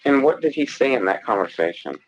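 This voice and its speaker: Male investigator with a calm, methodical manner and a mid-pitched voice, dull lo-fi audio. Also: a little fast. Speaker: police investigator. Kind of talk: police interview questioning. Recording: dull lo-fi recording.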